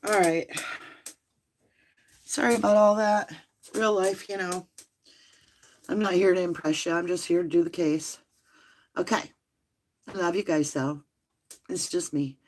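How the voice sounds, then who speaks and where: A woman's voice: lowish voice, fairly even intonation, a little slow, long pauses. A woman hosting a livestream, reading a court ruling aloud from a room at home and breaking off to talk to her viewers by name. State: out of breath.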